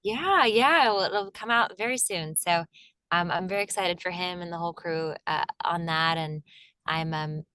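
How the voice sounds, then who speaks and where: Brief: young woman from Virginia, slightly low voice, chatty and laughing, dry close recording. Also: moderate pace, bright, forceful tone, smooth, dry recording. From Virginia, USA. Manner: chatty, laughs often, acts out quoted voices. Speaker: actor, guest. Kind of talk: casual interview chat.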